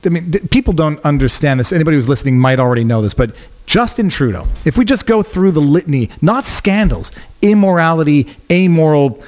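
A man with a slightly raised voice talks as a podcast guest in loose, excitable bursts. He restarts his sentences often and trails off mid-thought before launching into the next point. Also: a little high. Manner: rapid, animated, many restarts and trailing phrases. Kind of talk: casual political chat.

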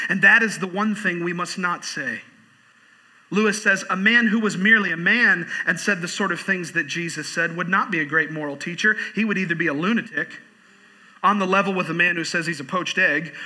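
A man's voice: sits high, bright, forceful tone, poor audio. A man pastor preaching a sermon in church, repeating phrases for emphasis and reading a quote aloud.

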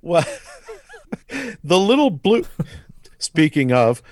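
A man's voice: high voice, takes it slowly. A middle-aged man casually recapping a film with a friend, laughing and acting out lines. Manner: animated, laughs often, acts out lines in funny voices. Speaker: podcast co-host. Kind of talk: casual movie recap chat.

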